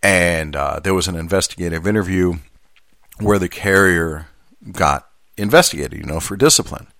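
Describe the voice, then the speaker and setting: A man's voice: deep voice, moderate pace, fairly bright tone, dry recording, clean studio sound. A man who is a union steward, reading out a workplace statement and then talking it over in an earnest, conversational way. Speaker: union steward and mail carrier. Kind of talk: reading a statement aloud, then casual commentary.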